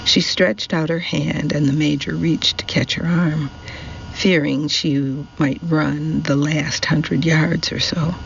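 Slow, gravelly male audiobook narrator. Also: fairly high pitch, steady tone, a bit bright, highs cut off, a little hiss or hum. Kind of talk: scripted narration.

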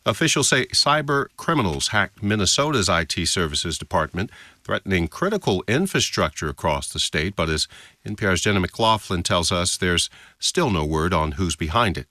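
A man reads the headlines in a very deep yet forceful voice. His pitch swings widely, and the sound is dry. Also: big pitch swings, normal speed, no echo. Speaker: radio newscaster. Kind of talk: radio news reading.

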